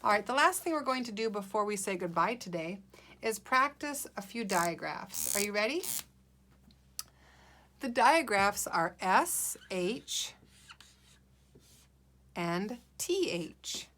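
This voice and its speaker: A woman teacher giving a guided reading lesson to young children, slow, clear and encouraging. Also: mid-range voice, lively intonation, bright, forceful tone.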